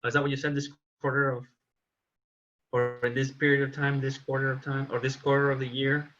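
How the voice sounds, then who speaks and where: A man's voice: mid-range voice, completely flat delivery, a little fast, muffled recording. A man teaching an English class online, patiently correcting his students' examples.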